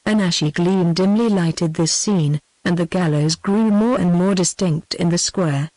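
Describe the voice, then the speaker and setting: A synthetic text-to-speech voice of a British woman reading a novel aloud in an even, machine-read way, sometimes speaking punctuation marks aloud. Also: lowish voice, measured pace, no room sound, poor audio. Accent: British English. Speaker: narrator. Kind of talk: scripted audiobook narration.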